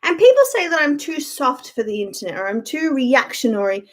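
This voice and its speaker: Brief: woman streamer venting to her chat, high and lively voice, profane and unfiltered. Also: a little fast. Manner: blunt, profane and fired-up, answering viewer comments. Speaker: YouTuber live-streaming to chat. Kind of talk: casual ranting live-stream chat.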